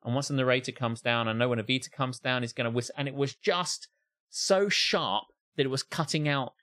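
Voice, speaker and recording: A man's voice: mid-range voice, brisk, fairly bright tone. A man co-hosting a podcast, ranting in casual chat with plenty of swearing and acted-out impressions. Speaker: podcast co-host.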